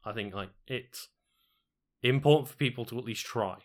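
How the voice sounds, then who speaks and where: A man's voice: medium pitch, moderate pace. A man co-hosting a stream in casual chat, rambling with many fillers and some swearing.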